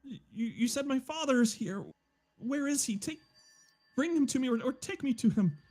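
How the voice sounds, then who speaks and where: A high, shaky young spirit girl, as a game master puts her on stammers through every plea. Her voice sits far above the man's own low register and keeps catching on its words. She is a desperate voice in a tabletop game. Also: animated, normal speed, darkish tone. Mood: pleading. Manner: stammering, pleading. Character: frightened young female spirit, pleading.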